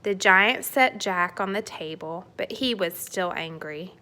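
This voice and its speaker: A woman narrating a children's storybook in a slow, unhurried way. Her tone is bright and clear, and her delivery is playful and expressive. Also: mid-range voice. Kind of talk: children's storybook read-aloud.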